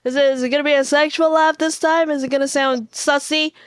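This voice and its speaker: A woman's voice: high voice, steady tone, a little fast, dry recording, clean studio sound. A woman hosting a casual chat stream, teasing her guest, swearing casually and laughing often. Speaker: livestream host.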